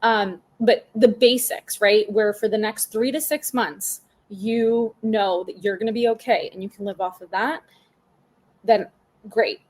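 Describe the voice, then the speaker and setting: Woman in her 30s, a bit husky, chatting frankly on a podcast, lots of um and like. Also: medium pitch, fairly even intonation, measured pace. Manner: chatty and frank, with frequent fillers and asides. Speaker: podcast guest, business mentor. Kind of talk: casual interview conversation.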